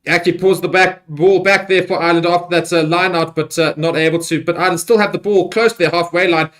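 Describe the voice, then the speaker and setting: A man hosting a live rugby watchalong, talking loosely with many fillers and getting excited on big plays. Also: high voice, fast. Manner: rambling with fillers and restarts. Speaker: livestream host. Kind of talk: live match watchalong commentary.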